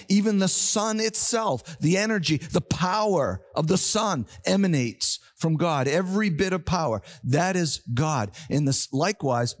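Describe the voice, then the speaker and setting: Older male pastor preaching emphatically. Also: a little high. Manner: emphatic, slows and repeats key words. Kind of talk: sermon.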